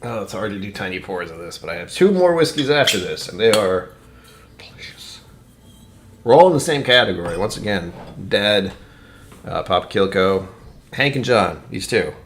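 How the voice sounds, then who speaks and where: Man in his own home stream setup, lowish voice, loose rambling chat, jokey asides. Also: lively intonation, brisk, a little hiss or hum. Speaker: whiskey tasting streamer. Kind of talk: casual live-stream chat.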